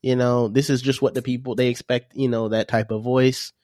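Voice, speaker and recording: A man's voice: mid-range voice, little pitch movement, fairly quick, darkish tone, no room sound, studio quality. A man co-hosting a podcast, chatting casually in a playful, slangy way. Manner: playful, slangy, jokes around. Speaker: podcast co-host. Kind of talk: casual chat.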